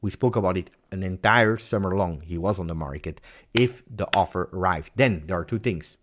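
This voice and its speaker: A man's voice: sits low, normal speed, background noise. A man hosting a live post-match football reaction stream, talking in a heated, emphatic way and repeating phrases for stress. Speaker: football channel host.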